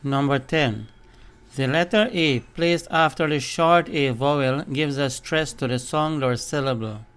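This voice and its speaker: A man's voice: medium pitch, measured pace, a bit bright, smooth. A man teaching a language lesson, patiently spelling out letters and syllables one by one.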